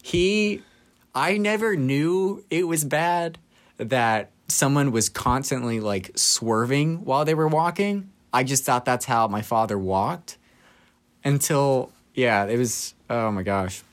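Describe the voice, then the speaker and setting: A man's voice: medium pitch, lively intonation, takes it slowly. Young man telling stories and laughing. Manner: laughs through dark childhood stories, quotes people in voices. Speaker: podcast co-host. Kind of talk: casual storytelling chat.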